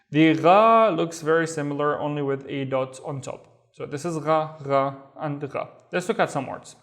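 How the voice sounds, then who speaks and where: A man teaching Arabic reading, sounding out syllables slowly and patiently. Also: on the high side. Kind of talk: language lesson.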